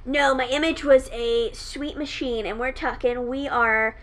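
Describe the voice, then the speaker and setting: Woman, high voice, casual podcast chat, profane, rambling, hiccups. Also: fairly even intonation, unhurried, a bit bright. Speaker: podcast co-host.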